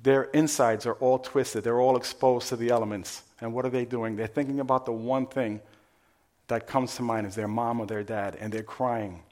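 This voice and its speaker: A man's voice: medium pitch, fairly even intonation, normal speed, a little mellow. A man, a pastor, preaching a sermon in church and talking with the congregation in a conversational way, asking them questions as he goes.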